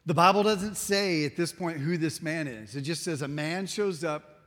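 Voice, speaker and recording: High-voiced preacher in a reverberant hall. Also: male voice, normal speed. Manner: dramatic storytelling, swings from loud urgency to hushed intensity. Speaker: pastor. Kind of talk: sermon.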